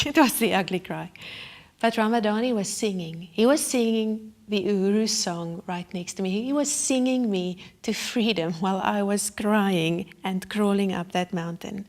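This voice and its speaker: A woman giving a sermon as a personal story, told vividly and with feeling, sometimes dropping to a hush. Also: mid-range voice, moderate pace. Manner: vivid, emotional storytelling with sudden hushed asides. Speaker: Christian speaker.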